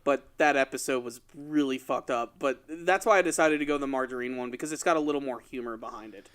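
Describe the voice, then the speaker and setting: A man co-hosting a casual podcast, retelling a story with lively energy and putting on quick voices for the characters. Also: medium pitch. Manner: animated storytelling, acts out quoted lines in exaggerated voices. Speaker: podcast co-host.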